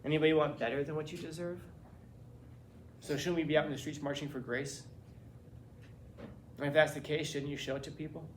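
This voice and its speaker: A man lectures a classroom on philosophy in a slightly high voice, pressing his students with rhetorical question after question. He sounds animated and conversational. Faint room noise sits behind him. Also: a little fast, pauses often. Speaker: teacher.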